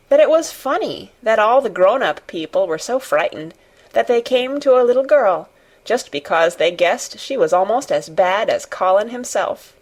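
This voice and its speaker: Woman narrating an audiobook. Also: medium pitch. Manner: expressive storytelling. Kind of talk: scripted narration.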